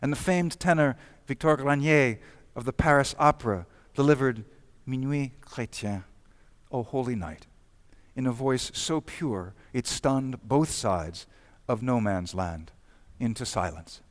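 A man narrates a historical documentary in a measured, storytelling manner. His voice sits at an ordinary middle pitch, recorded close and dry with no room sound. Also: dry recording.

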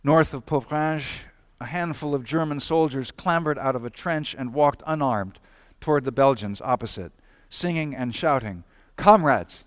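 A man narrates a historical documentary in a measured, storytelling manner. His voice sits at an ordinary middle pitch, recorded close and dry with no room sound. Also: no room sound.

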